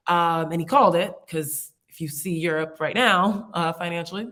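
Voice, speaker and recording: Chatty young woman with a low voice. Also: normal speed, fairly bright tone. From United States. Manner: chatty, reflective, laughs easily, many "like" fillers. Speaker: guest. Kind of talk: casual conversational interview.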